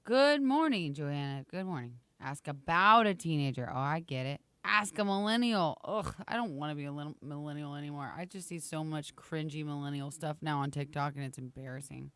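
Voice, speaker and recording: Chatty woman co-host with a slight rasp. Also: low-pitched, fairly quick, few pauses, fairly bright tone, no room sound. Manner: chatty, reads viewer comments aloud, laughs often. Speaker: morning show co-host. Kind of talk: casual live-stream chat.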